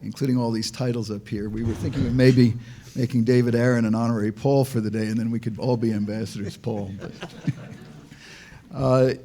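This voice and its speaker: Older male ex-diplomat on a panel, warm mellow tone, wry storyteller who trips over his own words. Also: medium pitch, flat delivery, brisk, a little hiss or hum. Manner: dry joking, tells anecdotes, frequent restarts. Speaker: panel speaker, former diplomat. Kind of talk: public talk at an institute.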